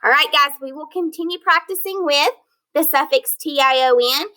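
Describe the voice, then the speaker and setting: A woman teaching an online phonics lesson, sounding out words slowly and checking in with her students. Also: high voice, pushed and bright. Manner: slow, deliberate modeling of word sounds; encouraging, checks with "right?" and "okay?".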